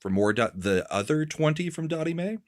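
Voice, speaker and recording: A man's voice: on the high side, sing-song, brisk, no room sound, clean studio sound. A man hosting a live stream, steadily announcing donation totals and guiding others. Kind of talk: casual live-stream chat.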